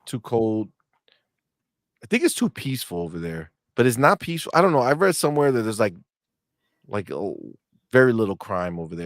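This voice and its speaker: A man hosting a podcast in casual, joking, animated banter. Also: medium pitch, brisk, long pauses, dry recording, clean studio sound. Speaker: podcast host. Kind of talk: casual chat.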